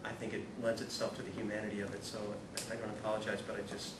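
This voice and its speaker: A man giving a humorous spiritual talk as a series speaker, telling stories in an animated, self-deprecating way and reading passages aloud. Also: racing. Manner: animated, self-deprecating storyteller, laughs often. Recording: echoey room, distant mic, rumbling noise.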